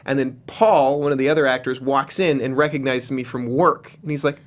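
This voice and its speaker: A man, an actor, telling a funny audition story with lively comic energy in a studio interview. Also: mid-range voice, a little fast. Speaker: actor, guest.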